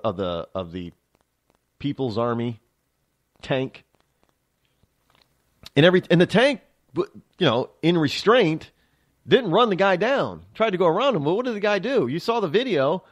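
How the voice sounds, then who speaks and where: An American man hosting a talk radio show, delivering a rambling, emphatic political monologue full of restarts and asides. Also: a little high. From United States.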